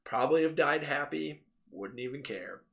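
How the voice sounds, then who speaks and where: A man co-hosting a podcast in casual chat, telling animated stories, laughing often and mimicking the people in them. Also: fairly high pitch, normal speed, vocal fry. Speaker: podcast co-host.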